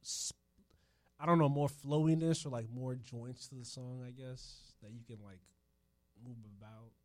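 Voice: mid-range voice, fairly even intonation, unhurried, no room sound, clean studio sound. A speaker in casual chat, asking a question hesitantly and searching for words.

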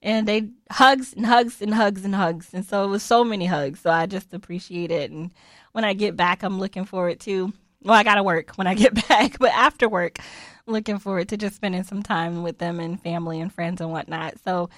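A woman in her forties talks through a personal story in a loose, chatty monologue, laughing often as she goes. Her voice sits at an ordinary middle pitch. The sound is close and dry, with no room around it. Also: steady tone, normal speed, no echo.

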